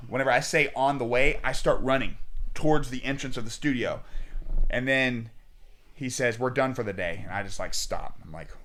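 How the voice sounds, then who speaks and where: A young man casually telling a story as a podcast guest, animated and acting out both sides of the talk. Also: fairly low pitch.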